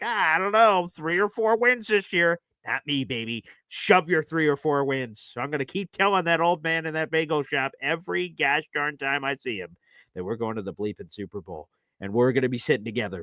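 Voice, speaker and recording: A man hosting a live football talk stream, enthusiastic and animated, often calling listeners "baby". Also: medium pitch, no echo, studio quality. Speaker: host of a sports talk show.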